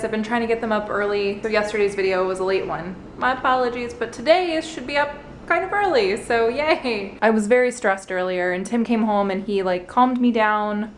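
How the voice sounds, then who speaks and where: A woman's voice: a little high, a little hiss or hum. A young woman chatting casually and bubbly to her vlog camera about her day. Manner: bubbly and apologetic. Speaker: vlogger, the host's wife.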